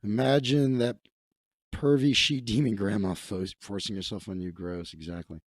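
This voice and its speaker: A man's voice: fairly low pitch, steady tone, moderate pace, no room sound, studio quality. A man hosting a casual comedic livestream, riffing crudely and sarcastically on news clips. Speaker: livestream host.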